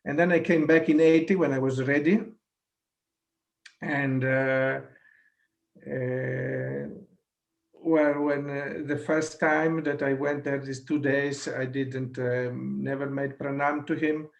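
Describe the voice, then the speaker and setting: A man in his sixties with an Italian accent, whose first language is Italian, telling a personal story at a satsang over a video call, halting and full of fillers and restarts. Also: mid-range voice, level tone, vocal fry. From Italy. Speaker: satsang guest.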